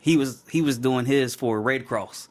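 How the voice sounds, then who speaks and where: Speaking at a measured pace in a mid-range voice, a young man co-hosts a casual podcast. His talk is relaxed storytelling, long tales told animatedly, full of laughs and acted-out impressions of the people involved.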